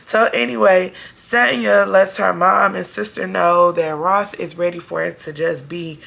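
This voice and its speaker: A hoarse woman recapping a TV episode for her viewers in a sassy, casual, chatty way. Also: fairly low pitch, steady tone, measured pace, hardly any pauses, fairly bright tone. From Chicago area. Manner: sassy, talks straight to her audience with slang. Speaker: TV show review vlogger.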